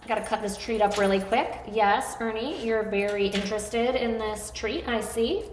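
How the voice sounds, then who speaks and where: Woman, dog training lesson, slightly high voice, going hoarse, coaxing praise, echoey room, faint background noise. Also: fairly even intonation, moderate pace. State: voice getting hoarse.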